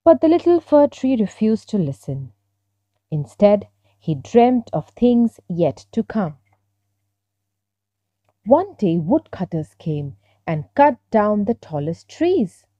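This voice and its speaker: A woman narrating a children's story in a gentle, expressive storytelling manner. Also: medium pitch, takes it slowly, long pauses, dry recording, lo-fi sound.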